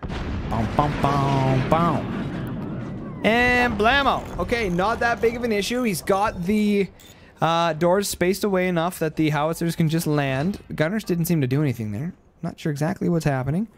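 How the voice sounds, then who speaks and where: A high-pitched man casting a strategy game, calling the action play by play. He gets excitable and bursts into loud cries at big moments. His voice sounds a little stuffy from post-nasal drip. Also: brisk, slight background noise. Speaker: game caster.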